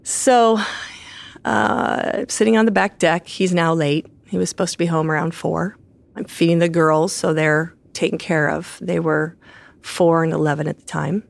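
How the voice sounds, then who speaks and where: A woman's voice: sits low, fairly even intonation, normal speed, creaky. A woman telling a personal story in an interview, vividly acting out the lines she quotes.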